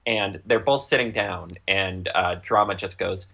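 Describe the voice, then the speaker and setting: A man with a low, creaky, slightly bright voice co-hosts a casual podcast, speaking unhurriedly as he jokes, rambles, and now and then slips into silly voices.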